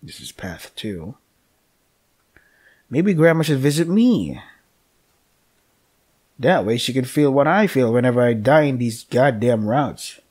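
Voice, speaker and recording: A man's voice: medium pitch, sing-song, measured pace, long pauses, a little mellow, breathy edge. A man casually commenting while playing a game, rambling and joking with frequent swearing. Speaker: let's play gamer.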